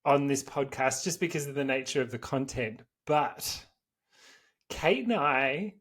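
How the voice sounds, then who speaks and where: A man's voice: medium pitch, expressive, unhurried, a bit bright. A young man co-hosting a podcast, bantering and teasing in casual chat. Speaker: podcast co-host.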